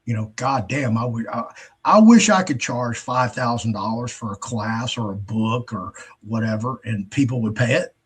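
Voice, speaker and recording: A husky-voiced man from the States talks through a loose, rambling monologue as host of his own show. His tone is blunt and profane, with a middling pitch and a breathy edge. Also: normal speed. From United States. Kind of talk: casual monologue.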